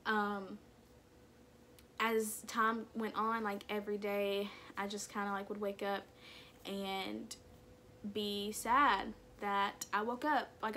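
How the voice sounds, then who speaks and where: A woman's voice: mid-range voice, little pitch movement, a little slow. Young woman, candid confessional vlog, mid-range voice, casual filler-heavy delivery, faint background hiss. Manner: casual, full of "like" and "kinda" fillers; candid, soft-spoken about hard memories. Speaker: vlogger. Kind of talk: personal storytelling to camera.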